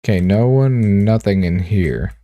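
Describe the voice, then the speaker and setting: A man streaming a game, reading text aloud with relaxed, wry asides. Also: lowish voice, unhurried, dry recording.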